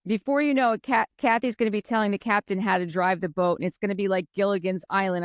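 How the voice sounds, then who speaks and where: A woman co-hosting a podcast, chatting casually and retelling scenes in an animated way. Her voice sits in a middle pitch range. The recording is close and dry, with no room sound. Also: fast, few pauses, clear, resonant tone, dry recording. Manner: chatty, recaps scenes and acts out quotes. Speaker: podcast co-host. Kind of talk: casual chat.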